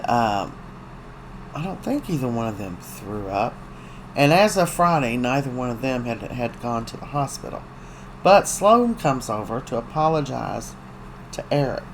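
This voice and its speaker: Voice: medium pitch, slight background noise, rough recording. A host casually recapping a week of a soap opera, talking in a chatty, gossipy way with lots of ums and uhs. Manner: chatty, gossipy storytelling with many fillers; acts out characters' lines in quick put-on voices.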